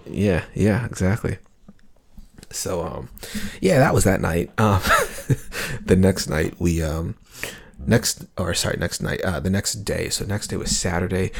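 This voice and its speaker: Deep gravelly man telling a story. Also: lively intonation. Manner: rambling, halting with many restarts. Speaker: podcast co-host. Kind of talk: casual storytelling chat.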